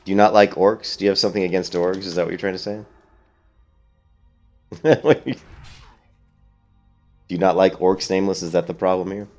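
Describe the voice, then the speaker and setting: A man with a very low voice chats through a let's-play stream, answering viewers in a blunt, opinionated way. Faint game music runs underneath his talk. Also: little pitch movement, very fast, few pauses. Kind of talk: casual let's-play commentary.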